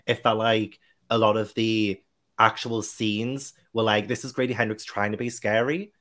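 A man's voice: on the low side, moderate pace. A man with a British accent chatting casually in a book club discussion, rambling with lots of fillers. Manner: rambling, filler-heavy and animated.

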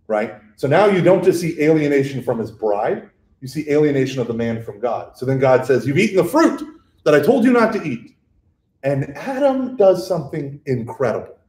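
A man teaching a Catholic catechism lesson, animated and conversational, often checking in with "right?" and acting out the voices in scripture stories. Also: fairly high pitch, reverberant.

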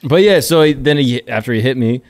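A man on a comedy podcast who tells his side of a story in an animated, defensive way and laughs often. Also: medium pitch, fairly quick. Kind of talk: casual comedy chat.

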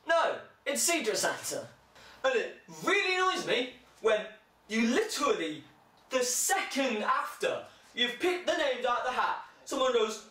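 High-voiced sarcastic young man. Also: sing-song, measured pace, bright, forceful tone, slight background noise. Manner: sarcastic, jumps into shrill mocking put-on voices. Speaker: comedian. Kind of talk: stand-up style comic monologue. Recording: echoey room, mic held far off.

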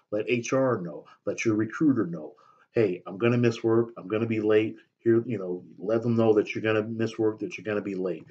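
A man's voice: fairly low pitch, darkish tone, slightly rough, lo-fi sound. A man who works as a staffing recruiter, giving blunt career advice in a casual talk to camera, often checking in with "okay?" and "right?". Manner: direct, repetitive, punctuates with "okay?" and "right?".

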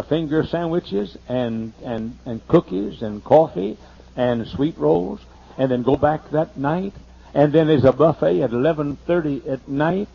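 Husky folksy preacher telling a story. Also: male voice, on the high side. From United States. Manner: folksy and humorous, lists things slowly. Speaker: pastor. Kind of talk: storytelling sermon. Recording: muffled older sermon tape.

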